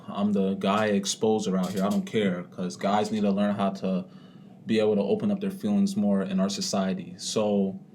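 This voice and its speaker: A young man co-hosting a podcast in casual chat, blunt and profane, talking with animated emphasis. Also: lowish voice, slight background noise. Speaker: podcast co-host.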